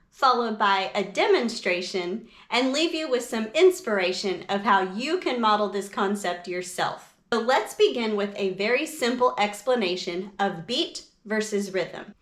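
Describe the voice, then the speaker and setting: Woman teaching kids music, talks real slow and clear, voice a bit high, echoey room. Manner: slow, clear, patient explaining. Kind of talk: teaching lesson for parents and teachers.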